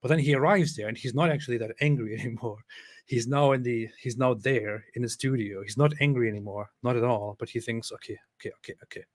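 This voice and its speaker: Male streamer, sarcastic reaction commentary, mid-pitched voice, loud jabs then mumbles. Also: a little fast, no echo. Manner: sarcastic, mocking, swings between loud and muttered asides.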